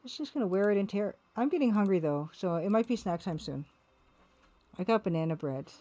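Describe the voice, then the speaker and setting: The audio is dull, carrying a brisk, expressive, mellow woman's voice of medium pitch with a Canadian accent. While streaming her pixel art, she chats casually with viewers, rambles, and makes self-deprecating remarks to her chat.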